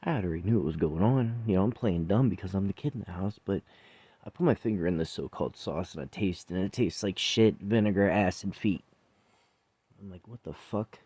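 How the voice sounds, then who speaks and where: A man's voice: deep voice, brisk, mellow, breathy edge, dry recording. A man who works as a chef, telling a personal story in a blunt, profane, rambling way, with laughs.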